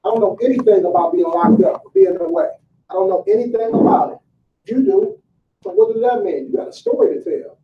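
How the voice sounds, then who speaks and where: A man delivers a fiery motivational talk to a room full of listeners, his rather high voice driving home each point with rhetorical questions and loose, casual phrasing. He is caught from a distance in an echoing room. The sound is dull, with faint ambient noise underneath. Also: mellow. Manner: emphatic and preachy, with rhetorical questions to the crowd; colloquial, casual street phrasing. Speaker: motivational speaker. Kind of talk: motivational speech to a live room. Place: large room with a live audience.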